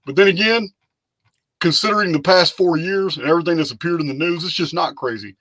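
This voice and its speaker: A man's voice: a little high, fairly quick, bright, forceful tone, no room sound. A man hosting a casual live chat, loose and rambling, often repeating himself as he talks. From lives in Texas. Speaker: live stream host.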